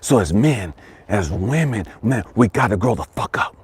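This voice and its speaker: A man giving an impassioned motivational monologue as a life coach, profane and emphatic, repeating his phrases and dropping from loud to hushed. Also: lowish voice, lively intonation, normal speed, husky.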